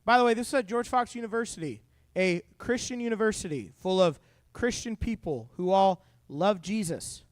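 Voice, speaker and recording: A young man preaching a youth sermon as an animated, joking storyteller. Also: sits high, normal speed, no room sound. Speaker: youth pastor.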